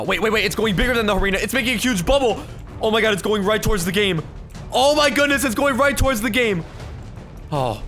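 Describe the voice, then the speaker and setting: A young man giving excited gameplay commentary, quick to yell and laugh, with loudness that swings fast. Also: high-pitched, faint music behind. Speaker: gaming YouTuber.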